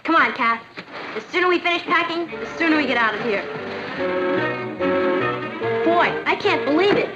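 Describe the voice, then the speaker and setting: Bright-voiced bubbly teen girl, excitable and teasing, dull old TV audio. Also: high voice, normal speed, long pauses, music in the background. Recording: dull 1960s TV sound.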